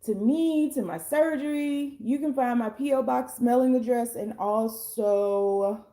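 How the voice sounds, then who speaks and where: Hoarse chatty woman reading tarot. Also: fairly high pitch, measured pace, dark tone. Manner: chatty, blunt, swears casually. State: hoarse, losing her voice. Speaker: tarot reader and life coach.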